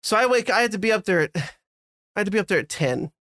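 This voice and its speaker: Man, podcast co-host, rambling storyteller, self-deprecating, slightly high voice, dry recording. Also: expressive, fast talker, fairly bright tone, dry recording. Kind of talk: casual podcast chat.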